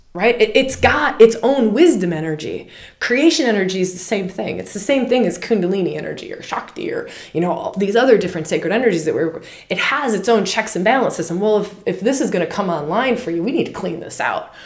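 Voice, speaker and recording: A woman hosting a spiritual podcast in a casual, animated way, often repeating words and phrases for emphasis. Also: on the low side. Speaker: podcast host. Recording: roomy echo.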